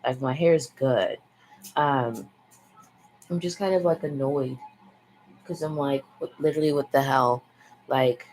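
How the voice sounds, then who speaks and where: A young woman with a low voice rambles through a casual vlog chat. She talks frankly, swears freely and lets out sighs between thoughts. A faint hiss sits under the recording. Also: darkish tone, low-quality recording. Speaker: vlogger. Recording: faint background noise.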